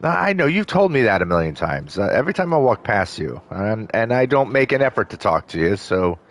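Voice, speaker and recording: A man's voice: lowish voice, very animated, a little fast. A man casually commenting while playing a video game, rambling with lots of fillers and restarts. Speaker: video game let's-play host.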